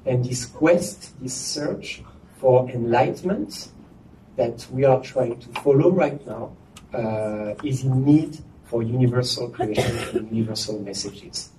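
Man giving a measured formal speech. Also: mid-range voice, warm tone. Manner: measured, with hesitant fillers. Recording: distant mic with faint noise.

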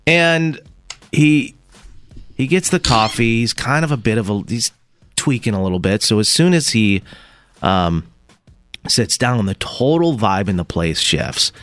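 A man hosting a morning radio show in a studio, telling a story in a casual, animated way with laughs and restarts. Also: medium pitch, a little slow, slight background noise. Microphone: studio microphone.

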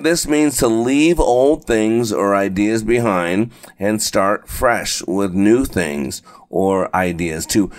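A man hosting a motivational radio show, talking conversationally with lots of "uh" and "right?", slowing down to stress key phrases. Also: on the low side. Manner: conversational, fillers and frequent tag "right?". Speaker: radio and podcast host. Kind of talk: motivational talk show monologue.

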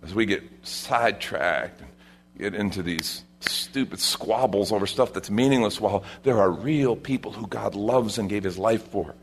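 A man preaching a sermon, reading scripture and explaining it, rising to loud emphasis at times. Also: on the low side, moderate pace, a little hiss or hum. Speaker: pastor.

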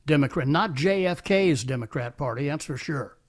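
Man, radio host, somewhat high-pitched, opinionated, questioning. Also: expressive, normal speed. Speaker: radio talk show host. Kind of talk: call-in radio talk.

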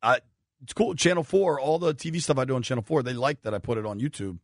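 Male radio host with a husky voice, dry and self-mocking, close studio mic. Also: medium pitch, quick pace, no echo. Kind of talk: casual studio banter. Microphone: studio mic with headphones.

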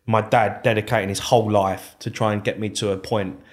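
A man tells his story in a relaxed interview. He is animated and swears freely, putting on other people's voices as he goes. His voice sits low. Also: brisk. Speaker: former footballer, guest.

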